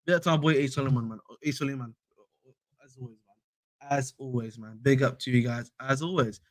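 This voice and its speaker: A man's voice: mid-range voice, a little fast, no room sound. A young man hosting a casual fan live stream, slangy and repetitive, calling viewers bro. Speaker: fan channel host.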